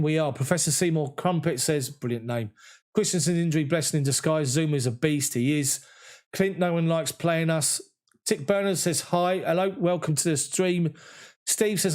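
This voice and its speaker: Fan host reading chat, slightly high voice. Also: male voice, darkish tone. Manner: reads viewer comments aloud and thanks them. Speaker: football fan channel host. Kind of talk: live stream chat reading after a match.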